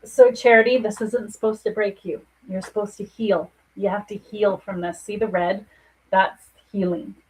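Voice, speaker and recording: A woman's voice: mid-range voice, steady tone, normal speed, a little mellow, breathy edge, low-quality recording. A middle-aged woman, a psychic medium, giving earnest and reassuring spiritual readings to viewers in a soothing way.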